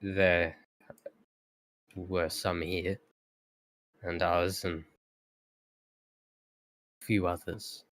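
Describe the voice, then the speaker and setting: A man's voice: sits low, level tone, drawn-out words, long pauses, fairly bright tone, dry recording, full character voice. Man doing a throaty fanatical kobold prisoner. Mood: defiant. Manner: broken, boastful speech.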